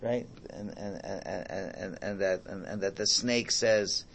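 A man teaching a religious class in a lively way, swinging between loud exclamations and quiet asides. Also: low-pitched, measured pace, creaky, slight background noise. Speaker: Torah teacher.

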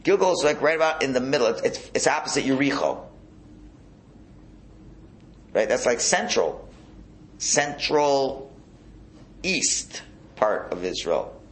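A man's voice: medium pitch, lively intonation, measured pace, long pauses. A man teaching a Torah class as a rabbi, talking in a conversational way and asking the room rhetorical questions.

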